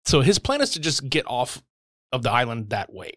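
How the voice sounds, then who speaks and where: Podcast host guy retelling a movie, swears a lot, lively pitch, dry close mic. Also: normal speed, dry recording. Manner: casual, swears a lot, summarizes plot. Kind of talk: casual film-review chat.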